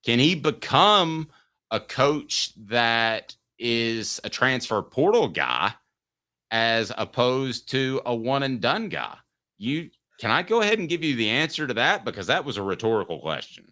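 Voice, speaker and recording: A man hosts a sports talk show, making his case with opinionated, emphatic rhetorical questions. His voice is bright and forceful, and his pitch moves a lot as he presses each point. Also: very animated, a little slow.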